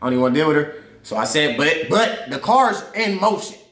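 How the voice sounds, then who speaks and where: A man's voice: fairly high pitch, big pitch swings, a little fast, a bit bright. A young man animatedly telling a personal story in casual slang, leaning on "I'm like" to replay the scene. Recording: roomy echo.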